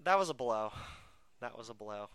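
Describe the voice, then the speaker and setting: Man, podcast host, snarky, self-mocking, bright voice, dry sound. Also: medium pitch, lively intonation, normal speed, clean tone, dry recording. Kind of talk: casual podcast chat.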